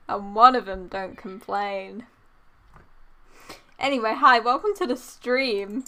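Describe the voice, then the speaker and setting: A woman's voice: a little high, slow, long pauses, pushed and bright, a little hiss or hum. A young woman streaming live, chatting casually to her chat and repeating silly noises in a goofy, playful way.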